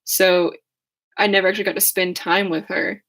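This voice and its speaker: A hoarse young woman chatting casually on a livestream, rambling and laughing at herself. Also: medium pitch, little pitch movement, moderate pace, fairly bright tone. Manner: rambling, giggly, self-deprecating. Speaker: livestream host.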